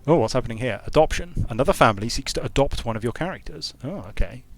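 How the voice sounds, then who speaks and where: Speaking fast in a mid-range, slightly bright and animated voice, this young game designer streams strategy gameplay from his hot room at home. His commentary is casual and rambling, full of half-finished thoughts as he interrupts himself.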